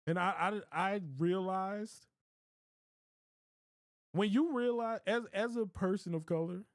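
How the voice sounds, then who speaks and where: A man's voice: high-pitched, slow, clean tone, no echo, clean studio sound. An American man streaming live, talking in a casual rant and repeating his points for emphasis. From United States. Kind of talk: casual ranting monologue.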